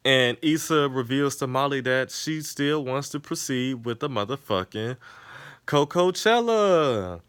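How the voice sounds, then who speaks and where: A man recapping a TV episode in casual chat, animated and profane, often laughing. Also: mid-range voice, moderate pace, hardly any pauses, smooth, no echo. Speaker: TV episode reviewer. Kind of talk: casual recap with acted-out quotes.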